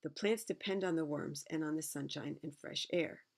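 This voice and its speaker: A middle-aged woman with a gravelly, creaky voice reads a children's picture book aloud. She keeps breaking off from the text to add chatty asides of her own. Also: deep voice, moderate pace. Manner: chatty asides between read passages. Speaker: reader.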